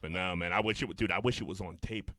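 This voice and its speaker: Fast-talking podcast dude, bright voice, swings all over the place, dry room. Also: male voice, deep voice, dry recording. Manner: animated, swearing, acts out his own lines loudly. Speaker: podcast co-host. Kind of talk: casual chat, storytelling.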